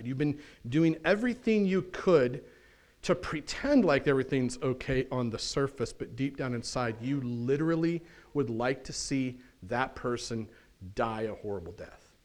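Folksy animated male pastor preaching. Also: mid-range voice. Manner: folksy, animated preaching with casual slang and asides. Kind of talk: sermon. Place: church.

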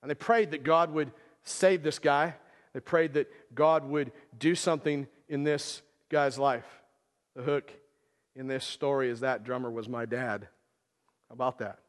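A man with a medium-pitched voice and fairly even intonation preaches at a measured pace in a church hall, where long reverb lingers. He tells his sermon casually like a story, with many fillers and frequent "right?" asides.

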